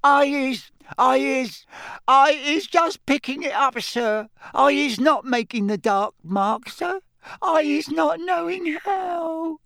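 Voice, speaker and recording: A man voicing a terrified, squeaky female house-elf servant who squeals and stammers as she pleads. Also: fairly even intonation, takes it slowly, gravelly, a bit bright, no room sound, exaggerated voice. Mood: pleading. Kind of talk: audiobook character voice.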